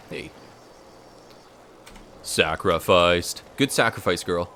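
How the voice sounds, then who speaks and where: A man's voice: low-pitched, lively intonation, normal speed, a bit bright, a little hiss or hum. A man giving casual gameplay commentary while he plays, laid-back and thinking aloud, often repeating words. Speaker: gaming streamer. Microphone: USB desk microphone. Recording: game music under the voice. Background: game music.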